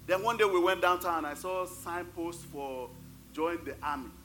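A man's voice: a little high, moderate pace, fairly bright tone, a little hiss or hum. A middle-aged male pastor preaching a sermon, emphatic and repeating his key phrases. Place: church.

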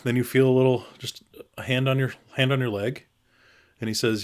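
A man's voice: mid-range voice, level tone, a little fast, clean tone. A man co-hosting a podcast, joking in a crude, offhand way. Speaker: podcast co-host. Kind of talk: casual chat.

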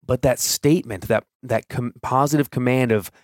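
A man's voice: mid-range voice, normal speed, dry recording, clean studio sound. A man in his thirties hosting a solo podcast, talking casually and thinking aloud with fillers and restarts. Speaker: podcast host.

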